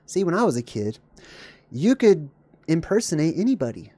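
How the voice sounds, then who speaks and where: A man hosting a casual video, commenting in a jokey, animated way. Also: normal speed, no echo. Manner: animated, jokey, voice jumps high when excited. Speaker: video host.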